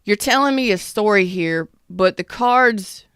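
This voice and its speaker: A woman's voice: medium pitch, animated, measured pace, fairly bright tone, smooth, no room sound, clean studio sound. A woman in her thirties giving a casual tarot reading, blunt and emphatic, swearing freely. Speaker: tarot reader.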